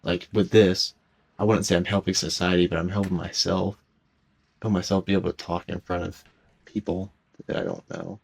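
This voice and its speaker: A man's voice: sits low, level tone, vocal fry, husky. A young man rambling hesitantly while commenting on his own gameplay, often restarting his sentences, recorded on a cheap home mic. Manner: hesitant, halting, many restarts.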